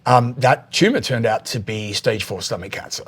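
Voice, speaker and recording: A man's voice: medium pitch, normal speed, fairly bright tone, husky. An Australian man, a podcast guest, telling a personal story candidly, often repeating words and swearing freely.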